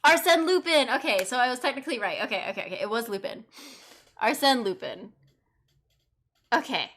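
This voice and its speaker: A woman's voice: a little high, a little fast, a bit bright, breathy edge. A woman streamer chatting casually and swearing as she plays through a game. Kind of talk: casual game playthrough chat.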